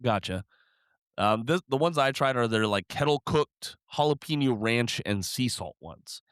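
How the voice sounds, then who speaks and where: A man's voice: medium pitch, animated, measured pace, a bit bright, clean tone, dry recording, studio quality. A man hosting a podcast, talking in a laid-back, hesitant way with lots of fillers. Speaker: podcast host. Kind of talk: casual chat.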